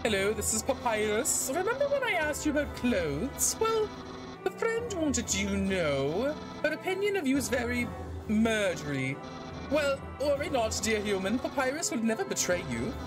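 An eager young skeleton talks in a bright, bouncy voice, as a woman puts him on while reading. His lines leap with lively pitch. Soft game music plays in the background. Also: normal speed.

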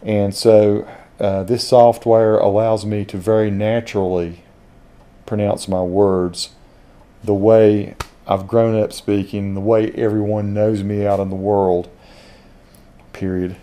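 Appalachian guy talking into dictation software, low warm voice, says "comma" out loud. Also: measured pace. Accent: Southern Appalachian. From Southern Appalachia, USA. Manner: speaks punctuation commands aloud, relaxed drawl. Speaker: software reviewer. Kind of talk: dictating aloud to software, casual review. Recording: home video.

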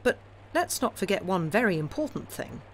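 A woman voicing a greedy, boastful young man who talks eagerly, his questions rising high. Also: very animated, moderate pace, a little hiss or hum.

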